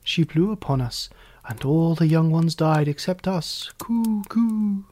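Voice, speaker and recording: A reader putting on a high, breathy cooing wood pigeon. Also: expressive, a little slow, dark tone, natural voice. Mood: mournful.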